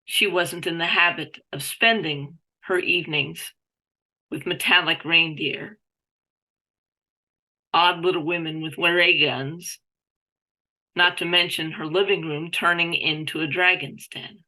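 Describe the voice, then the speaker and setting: A woman author narrates an improvised fantasy story in measured, literary sentences. Her voice sits lowish yet sounds bright and crisp. She takes her time over each phrase. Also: steady tone, low-quality recording. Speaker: author taking a storytelling turn.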